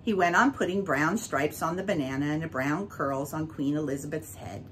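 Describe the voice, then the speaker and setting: A woman reading a children's book aloud, with an expressive, varied delivery. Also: sits low, normal speed, slight background noise, poor audio. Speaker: storyteller.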